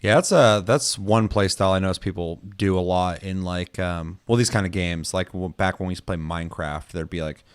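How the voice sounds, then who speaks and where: A man with a fairly low voice chats casually on a gaming podcast. He tells long stories, rambling with lots of fillers and swearing. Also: fairly even intonation, a little fast, few pauses, clear, resonant tone. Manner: rambling storyteller, heavy swearing, many fillers. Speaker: podcast co-host.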